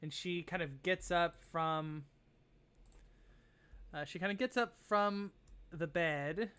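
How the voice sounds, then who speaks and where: Game master, tabletop game narration, hesitant and filler-heavy, smooth clear voice. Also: mid-range voice, slow, a bit bright. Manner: hesitant, full of fillers like "kind of".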